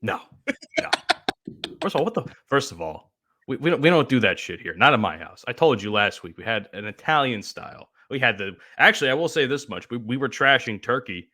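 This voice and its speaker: A man's voice: medium pitch, animated, fairly quick, bright, forceful tone. A man co-hosting a podcast, talking casually and emphatically about a holiday meal, swearing freely. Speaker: podcast co-host. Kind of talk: casual chat.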